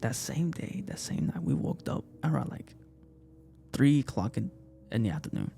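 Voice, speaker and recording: Gravelly young man telling an emotional story. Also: mid-range voice, sing-song, warm tone, soft background music. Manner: emotional, halting retelling with many repeats. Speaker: casting participant. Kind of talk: personal storytelling.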